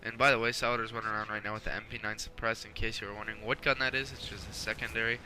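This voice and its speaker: A man's voice: on the low side, level tone, very fast, bright, forceful tone, low-quality recording. A man hosting a gaming channel, chatting casually over gameplay in a rambling way with many self-corrections.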